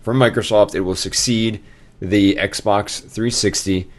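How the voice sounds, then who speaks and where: A man with a fairly low voice co-hosts in relaxed banter, teasing his partner as he talks. He jokes easily and keeps the chat loose. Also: unhurried. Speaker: co-host. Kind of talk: casual chat.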